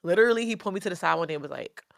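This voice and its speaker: A woman's voice: on the low side, lively intonation, racing, gravelly, no echo, clean studio sound. A young woman from the Bronx with a New York accent, a rapper chatting animatedly in an interview, slangy and swearing freely. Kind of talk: casual interview talk.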